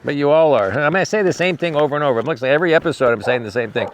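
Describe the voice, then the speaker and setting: A man who rescues animals, hosting a casual vlog outdoors at his sanctuary, talking to the camera and cooing soft, repetitive praise to his dogs. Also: on the high side, rapid-fire, slight background noise. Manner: coos softly to dogs, repeating praise, dropping to near-murmurs; rambling, repeats himself when talking to the audience. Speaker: animal rescuer and show host.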